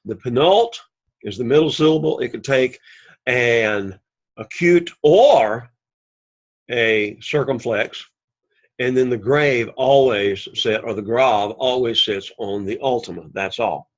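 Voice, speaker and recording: A man teaching a Greek class, explaining slowly and patiently and repeating key words for emphasis. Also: mid-range voice, lo-fi sound. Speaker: Greek instructor. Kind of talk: recorded class lecture.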